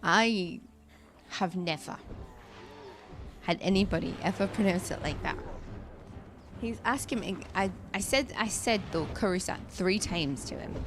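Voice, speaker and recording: A woman's voice: mid-range voice, unhurried, pauses often, background noise. A woman streaming a survival game, telling shop stories in chatty casual talk full of fillers and restarts. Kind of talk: casual chat while gaming. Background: game music.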